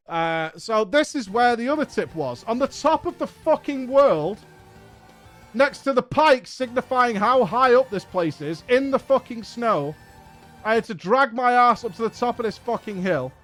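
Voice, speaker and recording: A man with a high, bright-toned voice and an English accent tells a rambling story to his viewers. His delivery is exasperated and profane, and he acts out both sides of each conversation. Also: expressive, normal speed, faint music behind. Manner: exasperated, profane anecdote with acted-out dialogue. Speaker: streamer host. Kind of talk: casual storytelling.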